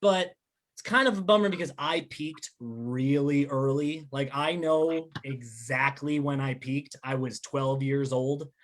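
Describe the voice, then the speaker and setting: A man's voice: mid-range voice, measured pace, slight background noise. A man in his thirties from Chicago doing a rambling, self-deprecating stand-up comedy set. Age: 30s.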